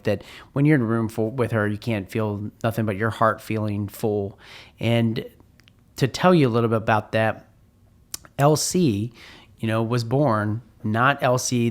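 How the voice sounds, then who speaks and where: A middle-aged man hosting a podcast and telling a personal story in an earnest, heartfelt way, often restarting his sentences. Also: medium pitch. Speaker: podcast host.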